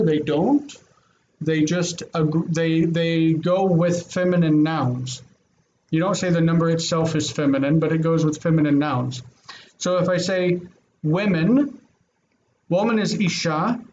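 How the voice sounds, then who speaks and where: Slow, patient male Hebrew teacher. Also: fairly high pitch, darkish tone, lo-fi sound, slight background noise. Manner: patient, explains step by step with frequent fillers. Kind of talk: online class teaching.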